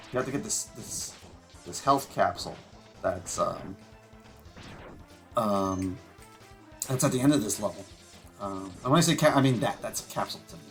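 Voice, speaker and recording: A man talks loosely over his own gameplay, wandering between thoughts with plenty of fillers and the odd swear. His voice sits at an ordinary middle pitch. Faint game music plays underneath. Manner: rambling, lots of fillers, mild swearing, voices imagined quotes. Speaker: gameplay streamer. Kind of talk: casual let's-play commentary.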